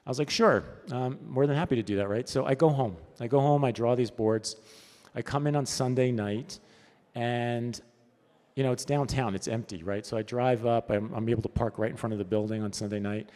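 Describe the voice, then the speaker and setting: A man's voice: mid-range voice, fairly even intonation, fairly quick, a little mellow. Chatty man telling stories in a hall. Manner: casual, chatty, frequent "right?" asides. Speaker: storyboard artist giving a talk. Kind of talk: conference talk, anecdotal storytelling. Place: event hall. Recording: long hall reverb.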